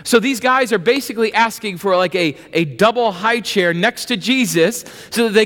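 A man preaching a sermon with playful asides, acting out voices and lively emphasis. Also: sits high, normal speed. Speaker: pastor. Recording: long reverb of a large hall.

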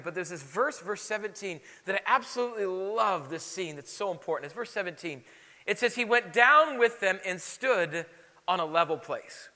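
A man preaching a sermon as pastor, telling stories with animated exclamations. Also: high-pitched, in a large hall. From Illinois. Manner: animated storytelling, lively exclamations.

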